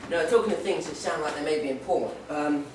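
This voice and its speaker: A young stand-up comedian with a fairly high voice talks fast through a rambling set on a pub stage, cracking jokes and slipping into playful put-on voices. The recording picks him up from far off in the echoey pub, with background noise.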